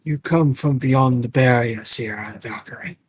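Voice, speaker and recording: A man's voice: medium pitch, normal speed, breathy edge, natural voice, low-quality recording. A man doing a doomed fighter in a shaky Irish lilt. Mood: resigned. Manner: attempts an Irish accent for the role. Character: resigned male arena fighter, doomed and calm. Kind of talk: voice-acting game dialogue on a livestream.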